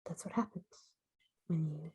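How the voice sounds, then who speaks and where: A woman's voice: sits low, moderate pace, warm tone, breathy edge, highs cut off. A woman playing a character at the table, answering in a hesitant, self-blaming way. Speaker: player.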